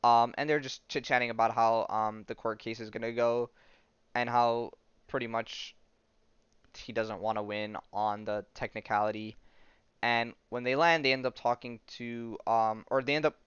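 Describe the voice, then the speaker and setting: Rambling male podcaster, smooth dry voice. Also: mid-range voice, steady tone, normal speed, fairly bright tone, no room sound, highs cut off. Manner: rambling, filler-heavy storytelling. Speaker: podcast host. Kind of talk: casual comic-book recap.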